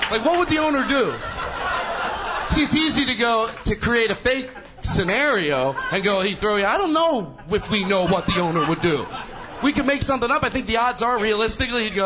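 High-voiced giggly stand-up comic. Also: male voice, a little fast, background noise. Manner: rambling, giggly, animated. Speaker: stand-up comedian. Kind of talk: stand-up routine.

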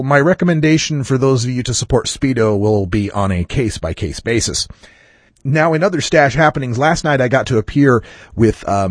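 Husky, lively male podcast host. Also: mid-range voice, no room sound, studio quality. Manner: lively, wry, chatty delivery. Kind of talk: casual podcast monologue.

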